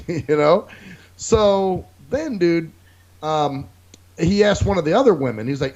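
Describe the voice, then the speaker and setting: A man's voice: a little high, expressive, a little slow, darkish tone. A man co-hosting a casual podcast, telling a profane story and acting out other people's lines. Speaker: podcast co-host. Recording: dull lo-fi recording.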